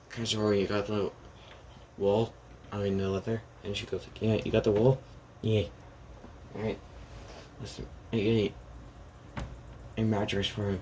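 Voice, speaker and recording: A man's voice: fairly low pitch, a little mellow, a little hiss or hum. A young man casually retelling a fan story, rambling with restarts and "she goes like".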